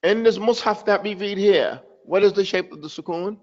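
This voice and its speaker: A man teaching a language class online, with a fairly high voice. He talks emphatically and repeats words again and again to drill pronunciation. The audio sounds dull and lo-fi, as from an online class. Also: normal speed, a little mellow. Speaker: Arabic teacher.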